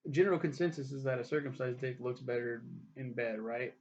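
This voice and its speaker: Young male TV reviewer, swears freely, rambling rants, average pitch, muffled lo-fi sound. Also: fairly even intonation, a little fast, darkish tone, slight background noise. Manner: profane, rambling, ranting. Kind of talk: casual spoken review. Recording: dull lo-fi recording.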